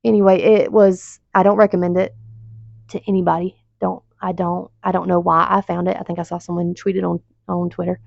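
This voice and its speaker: This female book reviewer vlogs casually, rambling, exasperated, and swearing freely. Her lowish, gravelly voice is brisk with little pitch movement. Recorded without echo on a home video mic, the audio is dull and lo-fi.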